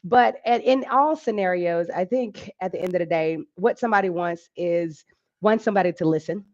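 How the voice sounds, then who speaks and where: A woman's voice: fairly low pitch, moderate pace, highs cut off. A woman who is a medical doctor, speaking as a guest on a talk show, explaining things casually and acting out the voices of her patients. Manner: animated, acts out patients' voices.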